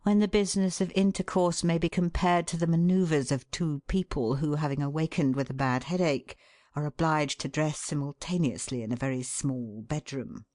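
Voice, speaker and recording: A woman narrating a classic essay as an audiobook, reading in a measured, expressive way and giving the quoted lines their own tone. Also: deep voice, dry recording, clean studio sound.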